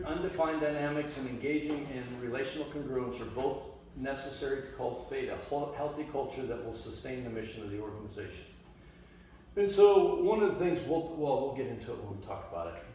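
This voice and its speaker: In a church meeting room, a Las Vegas man from the western US leads a study group, speaking in a fairly high, warm voice. His manner is casual and rambling, with many restarts and fillers. Echo, a distant mic, and a faint hum mark the recording.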